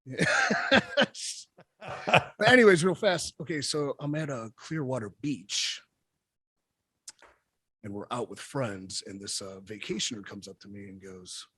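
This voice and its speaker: A man's voice: medium pitch, a little slow, pauses often, breathy edge, no echo. A man, a wrestler guest, telling stories in a casual interview, blunt and profane. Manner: blunt, profane, animated storyteller.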